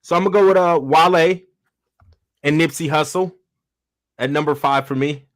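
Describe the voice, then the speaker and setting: A man's voice: a little high, normal speed, no echo, clean studio sound. A man co-hosting a sports podcast in casual chat, laid-back and slangy, often repeating himself.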